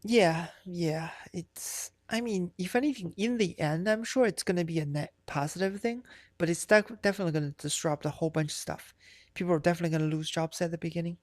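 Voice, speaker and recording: Woman streamer, low voice, dry sound, casual rambling chat, swears a lot. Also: fairly quick, a little mellow, no echo. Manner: rambling, profane, many fillers and restarts.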